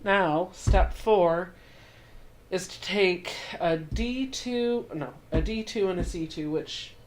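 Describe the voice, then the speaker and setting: Slow-talking chatty woman teaching sewing. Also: on the low side, slight background noise. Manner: chatty, step-by-step, self-deprecating. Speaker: quilting channel host. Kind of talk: casual sewing tutorial. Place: home sewing room.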